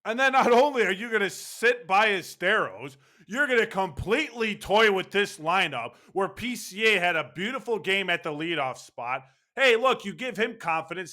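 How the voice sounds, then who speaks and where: A man's voice: high-pitched, expressive, normal speed, hardly any pauses, sharp tone. A man ranting angrily and sarcastically about his baseball team's loss, swearing as he goes. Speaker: baseball fan commentator. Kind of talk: ranting sports commentary.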